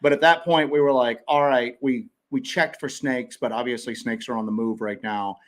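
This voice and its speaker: A man co-hosting a paranormal live stream, telling a story in an animated way with pitch that jumps when he gets excited. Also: normal speed. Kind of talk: casual live-stream chat.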